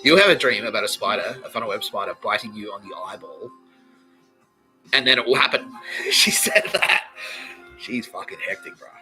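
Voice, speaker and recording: A man hosts a comedy podcast in a loose, rambling monologue, swearing freely and breaking into laughter. His voice is very bright and sharp, with pitch that swings widely, and faint music sits behind him. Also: expressive, moderate pace, rough recording. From Australia. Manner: profane, rambling, laughs often. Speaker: podcast host.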